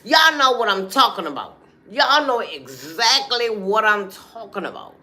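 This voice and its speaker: A woman, hosting a casual livestream and talking straight to her viewers in a chatty, animated way. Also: mid-range voice, unhurried, a little hiss or hum. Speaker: livestream host.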